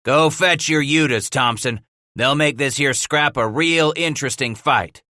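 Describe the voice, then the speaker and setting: A man's voice: mid-range voice, measured pace, sharp tone, dry recording, clean studio sound, voice pushed up. A man voicing a commanding male trapper brigade leader who gives blunt orders.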